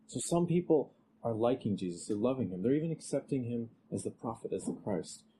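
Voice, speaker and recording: A male preacher giving a conversational expository sermon, growing animated when he reads scripture aloud. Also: mid-range voice, fairly quick, slight background noise, rough recording.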